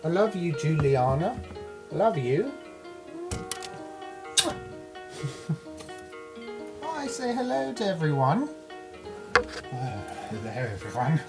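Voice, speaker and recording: A woman's voice: mid-range voice, sing-song, takes it slowly, long pauses, music in the background, low-quality recording. A woman talking casually to camera in a playful, chatty way, sweet-talking her animals while vlogging in a snake room at home. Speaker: reptile keeper vlogger. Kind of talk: casual vlog talk to camera.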